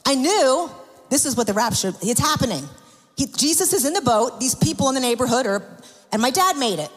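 A woman preaches in a church, telling a story in an earnest, confessional way. Her voice sits a little high. She often restarts her sentences, and a long reverberant tail follows her words around the hall. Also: lively intonation, brisk, soft background music. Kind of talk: sermon testimony.

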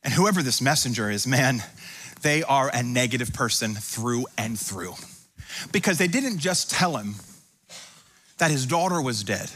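A man's voice: medium pitch, lively intonation, a little slow, fairly bright tone, breathy edge. A man in his thirties preaching a sermon in church, building to impassioned repetition with humorous asides to the congregation. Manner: preaching with rising intensity and repetition. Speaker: pastor. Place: church sanctuary.

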